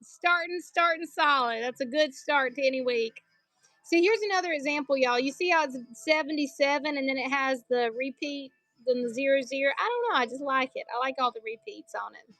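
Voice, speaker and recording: A woman's voice: high-pitched, brisk, a bit bright, dry recording, soft background music. A woman selling collectible banknotes on a live stream, chatty and joking, calling her viewers y'all.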